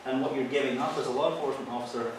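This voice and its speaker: Racing through an earnest training presentation, a police officer of medium pitch and fairly even intonation explains things and shares field stories. He sounds set back from the mic, with a big hall echo around him and a faint hiss underneath.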